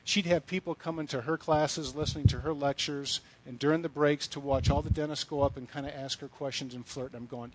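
A man's voice: mid-range voice, steady tone, quick pace, hardly any pauses, noisy background. A middle-aged man giving a sermon, telling stories in a conversational way with blunt asides. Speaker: speaker addressing young women. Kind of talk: sermon with storytelling.

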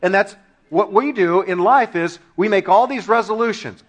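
Man, high voice, pastor, sermon, animated storytelling, bursts of shouting, church congregation. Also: normal speed.

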